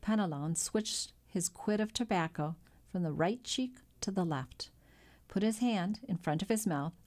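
A woman narrating a classic novel in a measured, even storytelling delivery. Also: mid-range voice. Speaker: audiobook narrator. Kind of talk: scripted narration.

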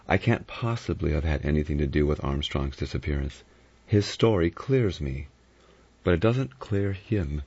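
Guy doing a cool mocking adventure type, soft and dry, deep gravelly voice. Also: no room sound, exaggerated voice. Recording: dull lo-fi recording.

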